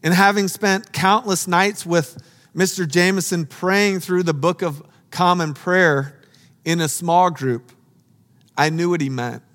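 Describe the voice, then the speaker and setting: A man preaching a sermon in a slightly high voice, earnest and emphatic. He takes his time with unhurried, dramatic pauses. His voice rings with the long echo of a large hall. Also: a bit bright.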